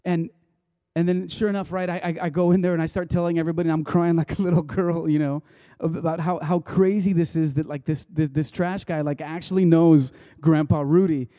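A pastor's sermon unfolds as a loose, talky story, a little fast, with frequent stops and restarts. His steady voice is slightly high but warm and mellow, recorded close and dry without any room sound.

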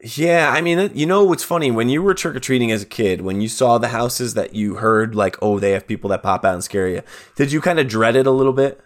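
A man in his thirties co-hosting a podcast in casual banter, jokey and quick to slip into goofy voices. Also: mid-range voice. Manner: animated, jokey, breaks into goofy put-on voices. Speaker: podcast co-host.

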